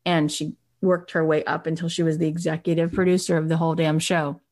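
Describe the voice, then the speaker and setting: Woman, podcast host, low-ish voice, emphatic and animated motivational talk. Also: a little fast. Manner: emphatic, animated, often asks "right?".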